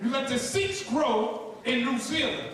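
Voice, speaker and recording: A man preaching fervently at a conference service, pausing between phrases for his interpreter. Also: very high-pitched, lively intonation, slight background noise. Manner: fervent and shouting, pausing for translation. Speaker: guest preacher. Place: large church hall. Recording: echoey hall, far from the mic, crowd behind.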